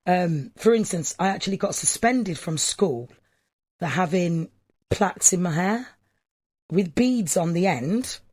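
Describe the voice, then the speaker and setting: A man's voice: high-pitched, lively intonation, a little slow, darkish tone, no room sound. Thoughtful man, dry close sound. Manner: thoughtful, searching for words. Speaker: interviewee. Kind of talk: documentary interview recollection.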